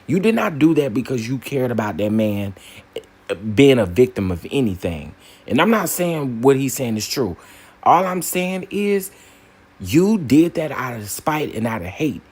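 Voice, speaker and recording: Man, host, husky, mid-pitched, emphatic, animated commentary. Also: a little slow. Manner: animated, emphatic, repeats phrases for punch. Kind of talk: casual opinion commentary.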